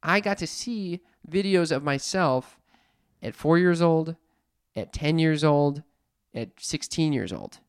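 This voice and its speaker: A man co-hosting a candid podcast with his mother, telling stories in a profane, self-mocking and animated way. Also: a little high, slow pace, smooth, dry recording, studio quality. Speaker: podcast co-host. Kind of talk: candid family podcast chat.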